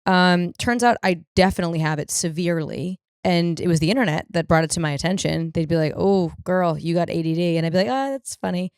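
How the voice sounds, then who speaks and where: Young woman, podcast host, rambling and swearing, lowish voice, dry close sound. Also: fast, few pauses, clean tone, dry recording. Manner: rambling, profane, animated storytelling. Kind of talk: casual comedic monologue.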